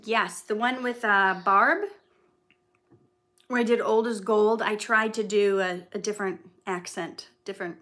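A young actress hosting a casual livestream, chatting and reading viewer comments aloud. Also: female voice, mid-range voice, steady tone, measured pace, bright, forceful tone. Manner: chatty, reads viewer comments aloud, breaks off to soothe a child.

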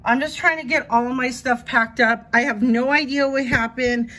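A middle-aged woman vlogging on her phone from a dark, hot hotel room, crying and rambling in a panic, swearing as she talks. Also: high-pitched, steady tone, normal speed. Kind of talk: casual phone vlog.

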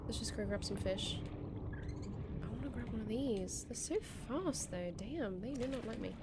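Excitable woman playing a game. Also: on the high side, normal speed, very noisy. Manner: excitable, chatters to herself and to sea creatures. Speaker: game streamer. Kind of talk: casual let's-play commentary. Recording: game music under voice. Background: game music.

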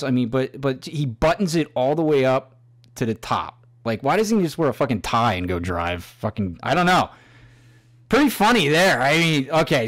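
A man hosts a loud, mocking rant, swearing in nearly every line and laughing at his own jokes. His pitch swings widely as he talks, from grumbling lows to sudden high exclamations. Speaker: host. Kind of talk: profane ranting commentary.

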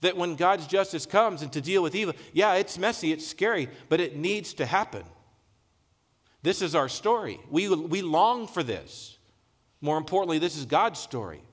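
A man's voice: a little high, animated, moderate pace. Emphatic male pastor in a reverberant hall. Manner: conversational, emphatic preaching with asides. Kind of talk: sermon. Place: large church hall.

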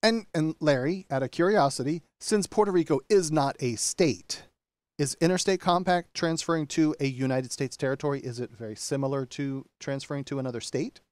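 Talkative podcast host guy reading listener mail, kinda high voice. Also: fairly quick, a little mellow, dry recording. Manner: chatty, reads listener questions aloud. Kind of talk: casual podcast chat.

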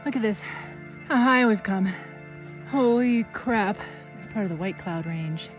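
A woman's voice: mid-range voice, animated, unhurried. A woman vlogging as she pushes her bike up a steep mountain trail, talking to the camera in a breathless, exasperated way and swearing now and then. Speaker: adventure vlogger. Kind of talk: casual talk to camera. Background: music.

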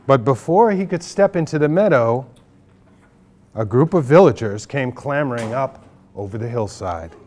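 An author reads his picture book aloud to a group of children in a library, his voice swinging widely up and down in pitch as he leads them in call-and-response. He keeps a slow, unhurried pace as he tells the story. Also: darkish tone. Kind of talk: live storybook reading to children. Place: public library, audience of children.

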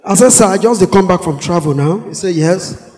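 A man with a Nigerian Pidgin English accent telling a stand-up comedy story, animated, acting out the voices of the police with shouts and laughter. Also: high-pitched, a little fast. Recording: echoey hall with long reverb.

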